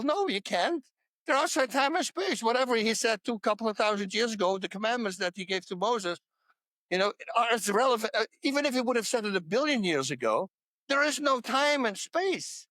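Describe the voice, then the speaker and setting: A man's voice: high voice, animated, fairly quick, bright, forceful tone, no echo. A man talking as a podcast guest in a casual interview about faith, pressing his points home with repetition. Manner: emphatic, repeats points to hammer them home.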